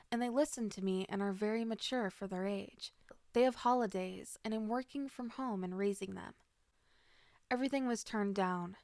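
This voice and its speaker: A woman's voice: medium pitch, darkish tone, no room sound. A woman narrating a dramatic first-person story with emotional delivery.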